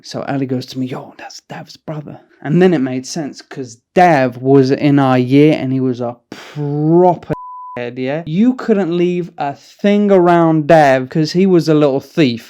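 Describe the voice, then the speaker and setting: A man's voice: on the high side, dark tone, clear, resonant tone. A young man telling a crude, sweary, comic story in a casual storytime vlog.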